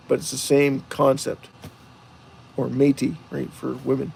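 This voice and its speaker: A man's voice: medium pitch, level tone, slow pace, creaky, long pauses, darkish tone, husky. A man hosting a livestream, rambling and putting rhetorical questions to the chat. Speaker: livestream host. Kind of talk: casual livestream talk to chat viewers.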